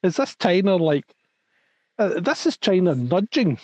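A man in casual podcast chat, talking hesitantly with halting starts and laughing easily. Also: high voice, sing-song, darkish tone.

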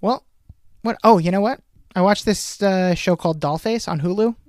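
A man's voice: sits high, normal speed, darkish tone, no echo, clean studio sound. A man with a Long Island accent co-hosting a casual podcast, rambling and often correcting himself mid-sentence. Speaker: podcast co-host.

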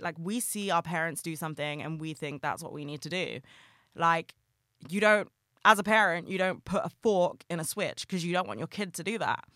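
A young adult host talking casually and heartfelt on a solo podcast, rambling with lots of "like" and swearing, bursting into excitement. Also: medium pitch, dry recording, clean studio sound.

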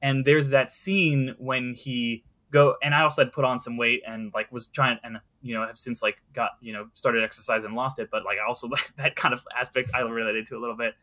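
A man's voice: medium pitch, fairly even intonation, brisk, few pauses, pushed and bright. A young man in casual conversation about movies, rambling and earnest, with many fillers.

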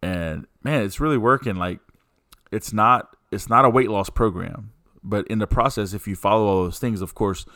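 Easygoing deep-voiced podcast host. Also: male voice, normal speed, sharp tone, no room sound, clean studio sound. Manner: easygoing, rambling with fillers. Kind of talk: casual podcast chat.

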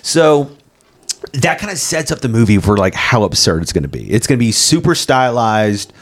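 A man talking loosely about a film, his sentences piling up with fillers and restarts. He swears freely and laughs as he retells scenes, with a voice of middling pitch. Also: sing-song, normal speed. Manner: rambling, heavy on "like" fillers and swearing. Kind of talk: casual film chat.

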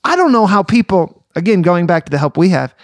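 A man co-hosting a casual faith podcast, talking earnestly and slowing down to read scripture like a preacher. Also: high voice, sing-song, no echo, clean studio sound. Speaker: podcast co-host and youth leader.

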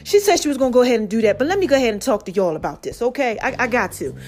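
Rapid-fire and lively, a podcast host with a slightly high, darkish voice tells a story to her listeners over soft music. Her chatty delivery is full of "baby" and "okay."

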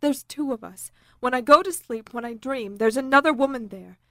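A woman's voice: high voice, normal speed, no room sound, studio quality. A young woman playing an anxious wife haunted by nightmares in a radio drama, narrating and speaking with earnest urgency. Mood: distressed. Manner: earnest, rising to panic.

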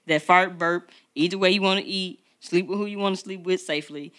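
A woman's voice: fairly low pitch, fairly even intonation, a little fast, a bit bright. A woman co-hosting a podcast in casual, emphatic chat, laughing often. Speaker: podcast co-host.

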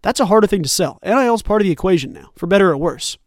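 A man's voice: sits high, very fast, no room sound, studio quality. A young man hosting a sports talk show, rambling through casual commentary with lots of asides. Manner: animated, rambling, conversational with many asides. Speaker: sports podcast host.

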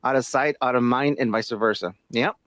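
A man co-hosting a casual podcast, laid-back, giving short replies and reading a passage aloud haltingly. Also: mid-range voice, fairly bright tone, dry recording. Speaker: podcast co-host.

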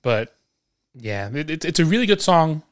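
A man co-hosting a podcast from home, telling stories in a rambling casual chat, often restarting his sentences and clearing his throat. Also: fairly high pitch, big pitch swings, moderate pace. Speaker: podcast co-host.

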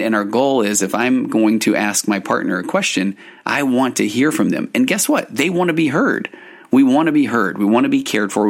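A man with a low voice and a gravelly edge talks through couples communication in a casual podcast style. He explains earnestly and slips into short acted-out lines from imagined partners. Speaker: couples therapist and podcast host.

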